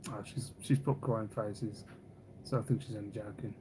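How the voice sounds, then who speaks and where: A man's voice: lowish voice, steady tone, normal speed, dark tone, a little hiss or hum. Rambling man on a live stream. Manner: rambling, teasing, reads viewer comments aloud. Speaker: livestream host. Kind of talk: casual live stream chat.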